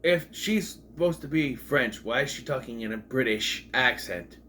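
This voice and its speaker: A man's voice: mid-range voice, lively intonation, moderate pace, bright, forceful tone, a little hiss or hum. A man giving a casual, rambling retrospective of a TV episode at home, with jokey asides. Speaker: video reviewer.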